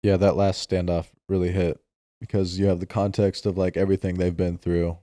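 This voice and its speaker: A man's voice: low-pitched, little pitch movement, a little fast, warm tone, dry recording, studio quality. A man on a casual film podcast, laid-back, chipping in with trivia. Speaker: podcast co-host.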